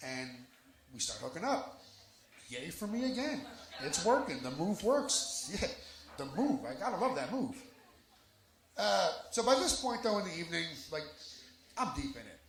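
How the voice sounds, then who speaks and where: A man's voice: high voice, very animated, moderate pace, creaky, pauses often, a bit bright. A man doing a live stand-up set on a lounge stage, telling raunchy, self-deprecating stories into a stage mic. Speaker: stand-up comedian. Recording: echoey lounge with background noise.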